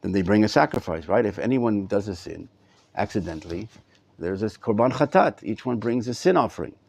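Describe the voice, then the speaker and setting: A middle-aged rabbi gives a live Torah class to students in a study hall, thinking aloud and often repeating words. His voice is fairly low, animated and brisk, with vocal fry and a slightly mellow quality.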